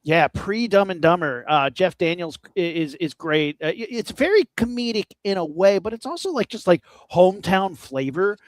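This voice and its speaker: Podcast co-host, male, higher-pitched, rambling and jokey, dry close mic. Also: no room sound. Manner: rambling, animated, quick to joke. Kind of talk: casual movie chat.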